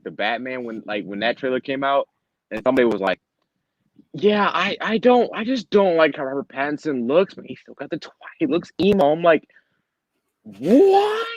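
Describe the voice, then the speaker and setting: A man chatting casually as a co-host, excitable, laughing a lot and swearing freely. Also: mid-range voice, moderate pace, dry recording, lo-fi sound. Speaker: podcast co-host. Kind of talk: casual chat.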